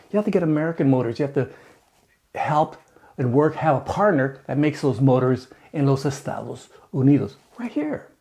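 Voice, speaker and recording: Guy ranting casually on his channel, kinda high voice, jumps all over the place, cracks jokes as he goes. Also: vocal fry. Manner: animated, joking, rambling with asides. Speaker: channel host. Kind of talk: casual opinion commentary.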